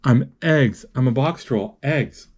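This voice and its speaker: A man's voice: mid-range voice, takes it slowly, darkish tone, slightly rough. A man voicing an earnest boy raised by trolls from a movie, plainly read.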